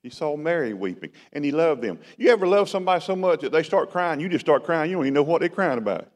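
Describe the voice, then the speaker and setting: A man's voice: fairly high pitch, lively intonation, fast. A man preaching a sermon in a conversational style that rises to emphatic bursts. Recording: long hall reverb.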